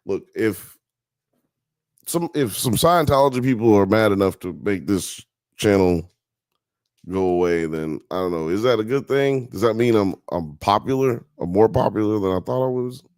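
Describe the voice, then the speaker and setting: A man's voice: lowish voice, animated, moderate pace, darkish tone, no echo, clean studio sound. A man hosting a live-streamed talk show, chatting casually and profanely, joking with the audience and reading chat comments aloud.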